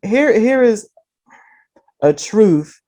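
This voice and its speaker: A man co-hosting a casual podcast discussion, explaining his points in a measured way. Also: high-pitched, animated, mellow.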